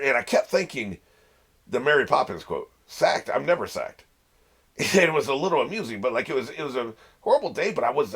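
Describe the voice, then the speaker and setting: A man's voice: on the low side, fairly bright tone, breathy edge. A man hosting a podcast, telling a rambling, wry, self-deprecating story with casual swearing. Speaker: podcast host.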